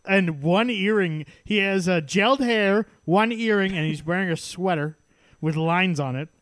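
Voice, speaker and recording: A man's voice: sits high, moderate pace, fairly bright tone, dry recording. A man co-hosting a podcast in casual banter, sarcastic and jokey, swearing often. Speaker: podcast co-host.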